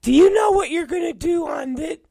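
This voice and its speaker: A man voicing an overeager, rambling male friend who talks in a high, shouting voice. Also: fairly quick, vocal fry, no echo. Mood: eager. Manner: excited, rambling, naive.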